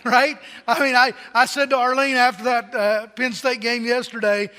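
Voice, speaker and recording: High-voiced pastor preaching in a hall. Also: male voice, level tone, moderate pace, pushed and bright. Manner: storytelling and joking with the congregation, many repeated words. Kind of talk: sermon. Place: large church hall.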